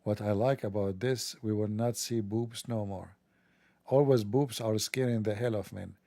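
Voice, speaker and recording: A man's voice: fairly low pitch, steady tone, normal speed, warm tone, no room sound. A man delivering a sarcastic, mocking satirical monologue.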